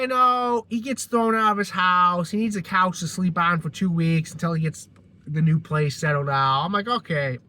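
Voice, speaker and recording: A man's voice: sits high, pushed and bright, no echo. A man telling a personal story as a casual rant, rambling, restarting his sentences and swearing freely.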